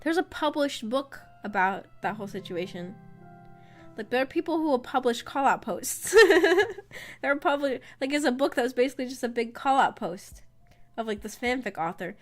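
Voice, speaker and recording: A woman VTuber talks casually on stream in a fairly high, animated voice at a brisk clip. She rambles, lets sentences trail off with fillers, and laughs often, all through a streaming microphone with soft background music.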